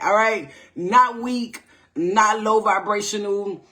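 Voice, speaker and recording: A woman from the United States giving a live tarot reading on a livestream, playful and animated, swearing freely and checking in with "all right?" after her points. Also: medium pitch, slow pace. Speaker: tarot reader hosting a livestream.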